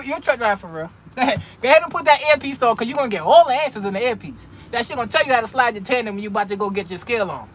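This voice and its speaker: A man's voice: very high voice, expressive, very fast, few pauses, a bit bright, a little hiss or hum. A truck driver vlogging a casual, slangy rant, repeating and restarting words as he mocks other drivers. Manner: slangy, repetitive, stammering restarts, mocking. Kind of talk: casual ranting monologue.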